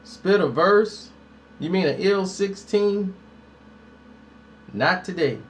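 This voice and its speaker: A man's voice: high-pitched, slow. A man hosting a casual live stream, talking straight to his viewers in a slangy, hyped way. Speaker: YouTube host.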